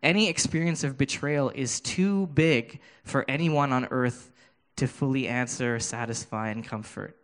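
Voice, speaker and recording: A man giving a sermon with a personal testimony, earnest and halting, often restarting his words, speaking into a handheld microphone. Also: mid-range voice. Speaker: preacher.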